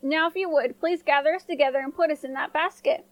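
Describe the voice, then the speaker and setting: A woman's voice: high voice, quick pace, dry recording, close to an everyday voice. A woman voicing talking apples that beg to be shaken down. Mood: pleading. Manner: begging, pleading. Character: begging talking apples on a tree.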